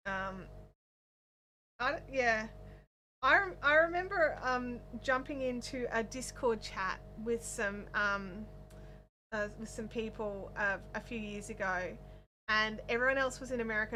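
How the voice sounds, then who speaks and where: A woman's voice: fairly high pitch, bright, forceful tone, a little hiss or hum. A woman with an Australian accent, hosting a casual crafting livestream and chatting with viewers in a rambling way with lots of fillers. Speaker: crochet livestream host. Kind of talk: casual chat reading viewer comments.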